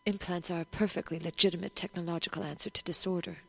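An actress playing an anxious woman attendant in a controlled society, hushed at first, then giving urgent shouted orders. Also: fairly low pitch, steady tone, quick pace, creaky. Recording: distant voice with loud background noise.

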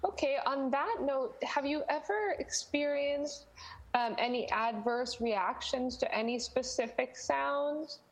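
A woman co-host asking brisk, upbeat questions in a casual interview. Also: sits high.

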